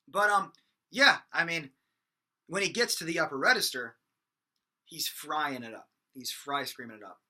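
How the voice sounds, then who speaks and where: A young man teaches singing in a loose, rambling way, stopping and restarting his thoughts often. His voice is very bright and sits a little high for a man, and it swings widely in pitch as he talks. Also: lively intonation, unhurried, pauses often. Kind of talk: casual vocal lesson with sung demonstrations.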